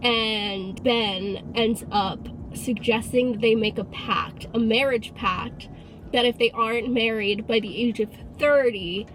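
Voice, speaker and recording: A woman's voice: fairly high pitch, takes it slowly, a little hiss or hum, low-quality recording. Gushing young woman chatting about books. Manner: gushing and excitable, peppered with "like". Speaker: book vlogger. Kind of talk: casual vlog chat about a book.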